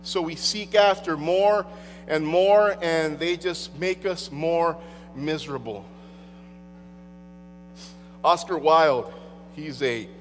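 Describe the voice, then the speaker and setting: A man preaching a sermon, emphatic and wry in a conversational way. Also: on the high side. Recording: long hall reverb, faint mains hum.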